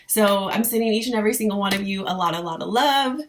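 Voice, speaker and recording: A woman's voice: medium pitch, quick pace, a little hiss or hum. Earnest woman giving heartfelt encouragement. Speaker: spiritual business coach. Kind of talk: motivational vlog talk to viewers.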